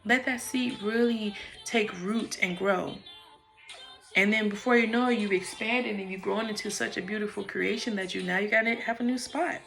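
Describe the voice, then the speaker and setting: A woman's voice: mid-range voice, fairly even intonation, moderate pace, vocal fry, a bit bright, soft background music. A woman talking casually and frankly into her phone about meditation and personal growth, swearing freely. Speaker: vlogger. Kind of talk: casual spiritual monologue.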